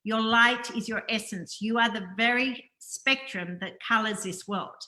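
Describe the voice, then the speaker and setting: A woman's voice: a little high, measured pace, pushed and bright. A woman hosting a spiritual interview, who speaks in an earnest, affirming way and repeats her phrases. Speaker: host. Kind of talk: spiritual interview, scripted intro.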